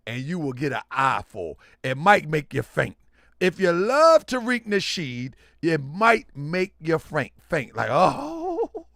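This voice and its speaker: A middle-aged man hosting a livestream and reading chat aloud, loud and teasing, laughing often. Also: fairly high pitch, no room sound, clean studio sound. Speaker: livestream host.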